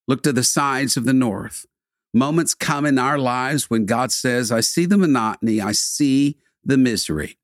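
A man delivering a devotional sermon, preaching in rhythmic, building repetitions with dramatic pauses. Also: lowish voice, no echo, clean studio sound.

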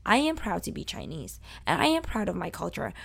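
A woman in her thirties from Brooklyn with a Brooklyn accent, a talkative and loud food host telling her own story in a personal monologue. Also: fairly low pitch, wildly swooping pitch, gravelly, husky, dry recording. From Brooklyn, New York. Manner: talkative and loud, fast and emphatic. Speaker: food video host and cook.

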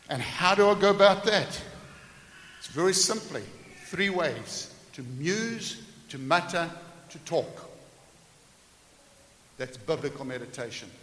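A man preaching a sermon to a congregation, animated, acting out everyday scenes and joking with his listeners. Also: fairly high pitch. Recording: echoey hall with faint hiss.

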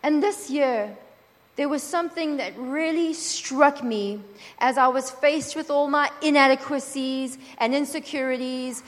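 A woman preaching at a conference, lively and acting out quoted prayers and dialogue. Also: high-pitched, measured pace. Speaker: conference speaker. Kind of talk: sermon. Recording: long hall reverb.

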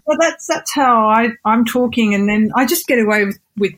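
A middle-aged Australian woman, a guest in a casual interview, animated, joking and self-mocking. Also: fairly high pitch, moderate pace.

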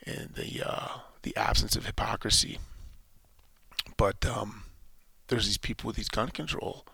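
A man with a low, gravelly voice talking through his thoughts in a loose monologue, stopping and restarting as he goes. His tone is bright and forceful, and the recording is dry and close. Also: measured pace, no echo. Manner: rambling, thinking aloud with many restarts. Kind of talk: casual spoken monologue.

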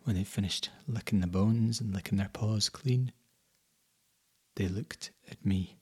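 A man telling a folk tale in the first person, dramatic, dropping to whispers and rising to sudden loud bursts. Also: lowish voice, a little slow, slightly rough. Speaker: storyteller.

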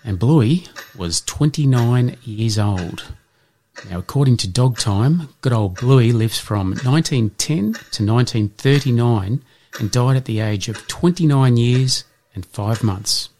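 A man hosting an educational podcast, reading out answers in a measured way and slipping in dad jokes. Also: mid-range voice, darkish tone, a little hiss or hum. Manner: measured, spells things out, slips in dad jokes. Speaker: podcast host.

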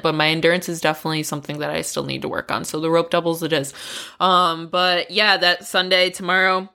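A woman's voice: low-pitched, bright, forceful tone. A young adult woman talking candidly in a casual training vlog, swearing freely and laughing at herself. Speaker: climbing vlogger.

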